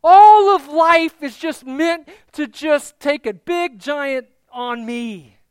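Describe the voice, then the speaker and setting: A man's voice: high voice, expressive, a little slow, vocal fry, no echo, studio quality, heavily acted. A male preacher voicing a distraught grieving woman at an empty tomb, crying out in impassioned lament. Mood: anguished. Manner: impassioned, near-shouting lament.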